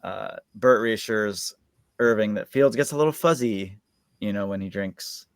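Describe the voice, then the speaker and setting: A man's voice: on the low side, measured pace, clear, resonant tone, dry recording, clean studio sound. A man co-hosting a podcast, recapping an episode in a rambling, casual way full of filler words. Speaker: podcast co-host.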